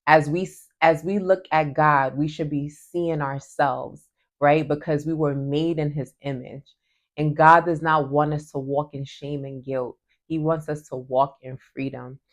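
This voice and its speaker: A woman's voice: low voice, fairly even intonation, a little slow. A woman giving a heartfelt devotional talk, earnest and emotional, often saying "like" as she goes. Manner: earnest and emotional, many "like" fillers. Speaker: Christian devotional vlogger.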